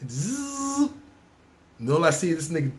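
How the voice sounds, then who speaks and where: A man from New telling a story on his podcast, lively and full of slang and profanity. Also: medium pitch, normal speed. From New York. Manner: animated, profane, slangy, talks to listeners. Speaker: podcast host. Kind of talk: storytelling monologue.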